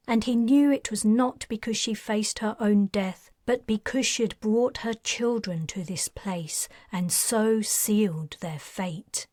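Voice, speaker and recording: A woman narrating her own science fiction audiobook at an unhurried, measured pace. Her voice is recorded close on a studio mic, dry and clean, with a middle pitch. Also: a little mellow, no echo.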